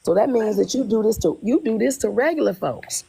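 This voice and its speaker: A woman telling a personal story in casual conversation, animated, often repeating herself and acting out what people said. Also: fairly high pitch, a little fast, gravelly, husky, rough recording. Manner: animated, retells dialogue in quotes, repeats herself. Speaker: guest telling her story.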